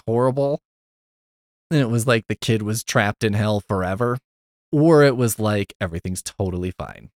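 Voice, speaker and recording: In a smooth, mid-range voice, a man hosting a podcast jokes his way through a recap of an old TV episode. He swears freely and tosses off quick character voices as he tells it, in a dry, studio-quality recording.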